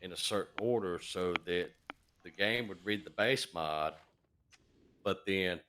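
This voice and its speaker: A man on voice chat explaining something to a fellow gamer, halting with many fillers. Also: low-pitched, pushed and bright. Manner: halting, lots of uh and um. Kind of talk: casual explaining.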